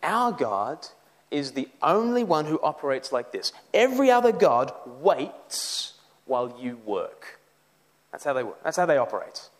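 A man preaching a sermon, animated, with mocking asides. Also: a little high, normal speed.

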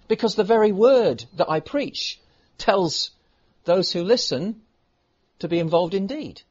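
A man preaching a sermon as a pastor, swinging between loud emphasis and hushed asides. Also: fairly high pitch, breathy edge. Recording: dull lo-fi recording.

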